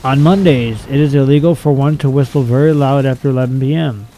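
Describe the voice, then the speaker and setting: A young man reads out a list of strange laws and tears into each one with crude, mocking commentary. His voice sits at a middling pitch with a mellow, dark tone. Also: fairly quick, rough recording. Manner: blunt, profane and mocking. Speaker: video commentator. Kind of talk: reading out and ranting about silly laws.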